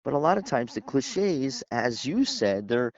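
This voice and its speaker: A man's voice: mid-range voice, very animated, a little slow, dry recording, dull audio. A man co-hosting a casual chat show, talking at length and laughing often. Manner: chatty, laughs often, wordy. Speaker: podcast co-host.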